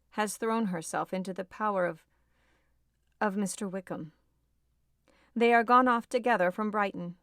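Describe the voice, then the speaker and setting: A woman's voice: mid-range voice, dry recording, close to an everyday voice. A woman reading an audiobook voices a distraught young woman, agitated and close to tears. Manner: agitated, tearful pleading.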